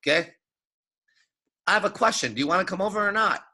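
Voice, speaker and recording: Man, seduction coach, crude and swearing, forceful bright voice, a bit high. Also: expressive, fast talker, breathy edge. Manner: crude, emphatic, swears constantly. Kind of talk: profane motivational lecture.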